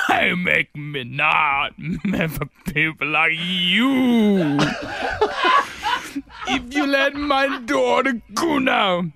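A grim father coldly threatening the men who took his daughter, as a man puts on an American accent. He speaks low, intense and slow, stumbling over his words. The voice is gravelly with a sharp, bright edge. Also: slight background noise, heavily acted. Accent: put-on American. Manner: low, intense, halting delivery under a speech jammer.

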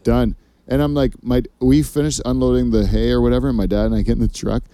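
A man's voice: mid-range voice, steady tone, quick pace, mellow, clean tone, no room sound. A man hosting a casual comedy podcast, telling long rambling stories full of swearing. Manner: rambling, profane storyteller. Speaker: podcast host.

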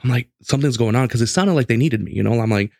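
A man in his late twenties casually telling a story in a lively, conversational way, with lots of restarts. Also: mid-range voice, racing, creaky, dry recording, studio quality. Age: late 20s.

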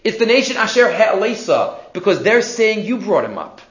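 Casting: high-voiced man, animated Torah teacher, dull echoey room recording. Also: normal speed, a little hiss or hum. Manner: animated, acts out quotes, repeats himself. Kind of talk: Torah class lecture.

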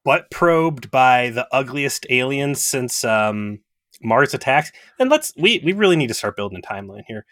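A man's voice: medium pitch, very animated, normal speed, a bit bright, no echo. Man, podcast co-host, sarcastic, profane riffing, dry close sound. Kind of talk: casual chat.

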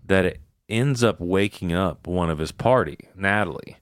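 Man, very low voice, smooth and clear, dry close sound, casual profane storytelling. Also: moderate pace, no room sound. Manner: retells eerie stories in casual, profane talk. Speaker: podcast host.

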